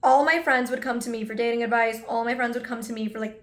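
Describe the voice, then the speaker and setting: A woman's voice: fairly high pitch, fairly even intonation, a little fast, a bit bright, echoey room. A young woman vlogger telling a personal story in a casual, chatty way, full of asides to her viewers.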